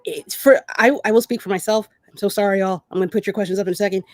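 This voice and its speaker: Female co-host, mid-pitched, hesitant and chatty, dry close sound. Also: fairly even intonation, racing, no room sound. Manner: hesitant, chatty, many ums. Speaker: co-host and voice actress. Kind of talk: casual chat.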